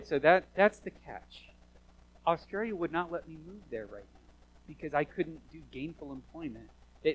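Animated, fairly high-voiced man preaching. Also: poor audio. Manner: animated, swings from hushed to loud and emphatic. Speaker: pastor. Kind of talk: sermon.

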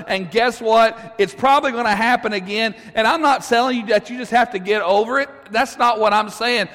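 A man with a high voice preaches to his congregation, and his voice rings out with the long reverb of a church hall. He tells his story casually, asks the room questions and chuckles along the way. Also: fairly bright tone. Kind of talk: sermon storytelling.

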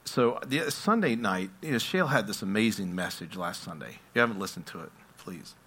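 A male pastor preaching a sermon, telling stories and acting out voices, swinging between loud and hushed. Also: fairly low pitch, fairly quick, breathy edge. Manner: storytelling, animated, acts out voices, swings loud and soft.

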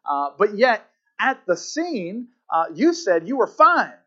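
A man's voice: high-pitched, very animated, slow pace, a bit bright, voice pushed up, exaggerated voice. A man voicing a stern male insurance agent disputing a claim, in a story told from the pulpit. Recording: muffled lo-fi recording.

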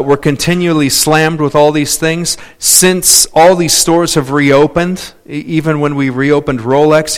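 Man, sermon preacher, fairly high voice, asks for amens, loud points and soft asides. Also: smooth. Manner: animated, calls for amens and hallelujahs; shifts between loud preaching and quiet asides.

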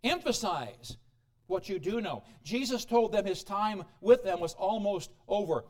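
A man preaching a sermon as pastor, animated, swinging between loud exclamations and quiet asides. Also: high voice, a little slow. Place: church.

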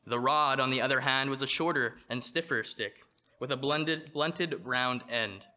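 A man preaching a sermon, reading from a prepared text in a measured way and slowing down to stress quoted verses. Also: mid-range voice, bright, forceful tone. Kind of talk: read sermon.

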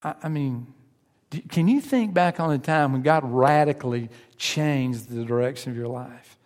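A man's voice: mid-range voice, moderate pace, a little mellow, in a large hall. A man preaching a sermon in a conversational way, asking his listeners questions and acting out their inner voices.

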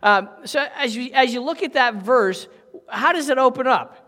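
A man's voice: very high-pitched, moderate pace, sharp tone. A middle-aged male pastor preaching a sermon in a folksy, chatty way, with many asides and okays. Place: church sanctuary. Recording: echoey hall.

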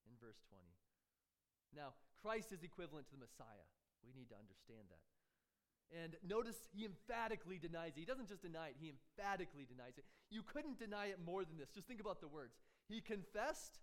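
A man's voice: high-pitched, expressive, normal speed. A man preaching a sermon in a conversational way, often asking his listeners rhetorical questions and chuckling between points. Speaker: pastor.

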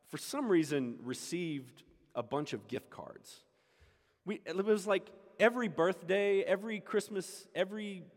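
Emphatic preacher man in an echoey hall. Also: on the high side. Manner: emphatic, repeats key lines. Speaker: pastor. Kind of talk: sermon. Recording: echoey hall with long reverb.

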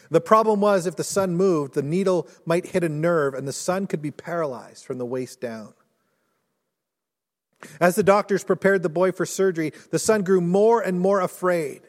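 A male pastor preaching a sermon in earnest, rising to intense storytelling and dropping low and soft. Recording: long hall reverb.

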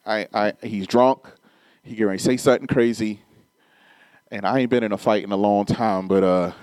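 A man's voice: on the low side, a little mellow, no room sound. A middle-aged man preaching a sermon, telling a personal story casually and then building to emphatic, rising preaching.

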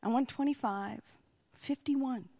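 This missionary speaker is a woman preaching a sermon, her voice fairly high, creaky and unhurried. She tells animated stories and sometimes sinks into hushed whispers.

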